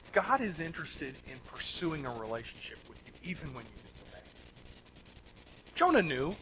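Male pastor, high bright voice, earnest emphatic sermon delivery, faint noise behind. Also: poor audio. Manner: earnest, emphatic preaching with swings between loud and soft.

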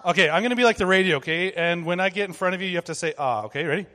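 A man's voice: high-pitched, very fast, pushed and bright, big-room sound. A man leading children through an interactive object lesson, talking in an upbeat, conversational way and calling for group responses. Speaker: children's ministry leader.

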